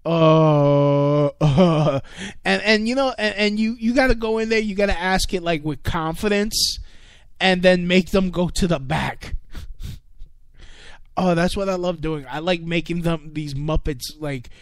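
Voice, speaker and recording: A man's voice: on the high side, unhurried, clean tone, no room sound, studio quality. A man hosting a casual online radio show, ranting with a lot of swearing, stumbles and filler words. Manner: profane, rambling, many fillers and restarts. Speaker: podcast host. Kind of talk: casual comedic rant.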